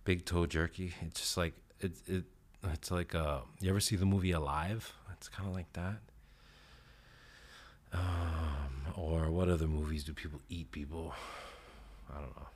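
A man's voice: low-pitched, fairly even intonation, a little slow, a little mellow, husky. A man hosting a casual solo podcast, laid-back and rambling, swearing freely with lots of fillers and a little out of breath. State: out of breath after push-ups. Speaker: podcast host.

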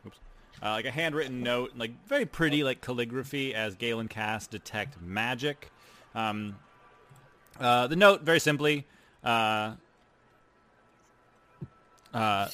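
Bright-toned male game master, halting filler-heavy narration. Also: medium pitch.

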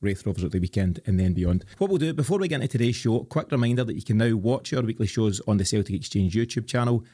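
A Scottish man hosts a casual podcast, talking quickly and keeping things moving. His voice sits a little low, and his delivery is upbeat with a teasing edge toward his co-hosts. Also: lively intonation, warm tone, breathy edge. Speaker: podcast host.

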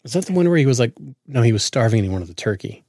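Lively, joking podcast dad. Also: male voice, medium pitch, rapid-fire, no room sound, studio quality. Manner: joking, rambling off on tangents. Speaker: podcast co-host; father. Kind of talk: casual chat.

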